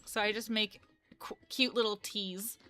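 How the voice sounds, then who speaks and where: Bright-voiced chatty young woman streamer. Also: medium pitch, steady tone, unhurried. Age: 20s. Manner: rambling, chatty, self-correcting. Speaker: live streamer and game developer. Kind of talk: casual live-stream chat.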